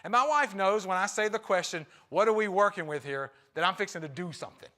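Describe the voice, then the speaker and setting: A man's voice: high voice, lively intonation, quick pace, pushed and bright. A man preaching a sermon in a church, a husband and father who talks in a conversational way and acts out the quotes in his story. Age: young adult to middle-aged, a father. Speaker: guest preacher. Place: church sanctuary.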